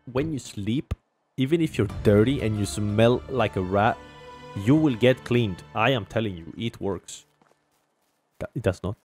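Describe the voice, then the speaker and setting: A gaming YouTuber with a mid-range male voice gives casual commentary on his play, talking to himself and swinging between loud outbursts and mumbling.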